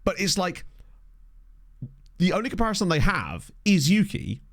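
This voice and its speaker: Chatty man with a lively voice. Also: sits high, moderate pace. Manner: rambling, self-deprecating banter with chat. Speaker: gaming streamer. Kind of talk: casual chat over a game. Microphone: desk condenser microphone.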